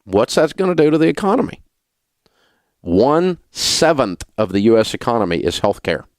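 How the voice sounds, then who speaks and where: A man's voice: medium pitch, big pitch swings, normal speed, dry recording, clean studio sound. A middle-aged man hosting a talk radio show, ranting in an indignant, sarcastic way. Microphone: studio mic.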